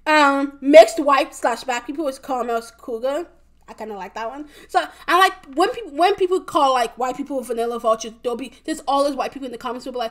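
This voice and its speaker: A young woman with a high voice talks alone on her podcast. She rambles and circles back on herself, packs her talk with "like" and swear words, and sounds openly exasperated. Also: expressive, normal speed. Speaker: podcast host. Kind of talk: casual solo podcast rant.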